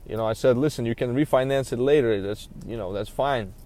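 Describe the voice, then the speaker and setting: A used car dealer with a medium-pitched, dark-toned voice tells a story a little fast. He rambles casually with a frustrated edge, saying "you know" again and again.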